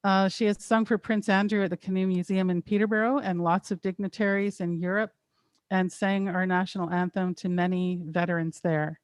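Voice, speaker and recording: A woman's voice: medium pitch, little pitch movement, fairly quick, smooth, no echo, studio quality. A woman host introducing her guest in a casual, grateful way, with frequent fillers.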